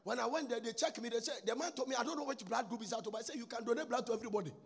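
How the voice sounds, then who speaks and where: A man preaching a sermon in a church, swinging between shouted and sung phrases and repeating lines for emphasis. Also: very high voice, rapid-fire, creaky, husky. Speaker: pastor. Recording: long reverb, faint music behind.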